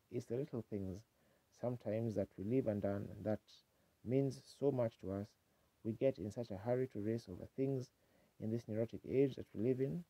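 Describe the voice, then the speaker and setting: A man's voice: mid-range voice, gravelly, warm tone, slightly rough, dry recording. A man preaching a sermon in a folksy, earnest storytelling manner, on a dull 1950s tape.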